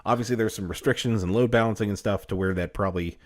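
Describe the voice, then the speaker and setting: A man's voice: lowish voice, quick pace, darkish tone. A man co-hosting a comedy podcast, chatting casually with lots of fillers, restarts and frequent laughter. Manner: laughs often, rambling with many fillers. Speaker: podcast co-host.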